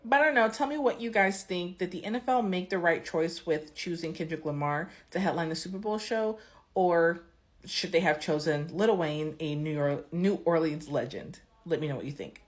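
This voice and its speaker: Woman, low pitch, casual opinion video, conversational, questions to viewers. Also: animated, normal speed. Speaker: commentator.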